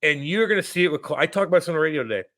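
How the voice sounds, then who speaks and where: Profane, animated man telling stories. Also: fairly high pitch, rapid-fire. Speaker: podcast co-host. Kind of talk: casual chat.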